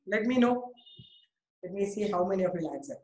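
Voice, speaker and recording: A woman's voice: medium pitch, animated, quick pace, darkish tone, echoey room, poor audio. A woman with an Indian English accent teaching a biology class, coaxing students and praising them by name.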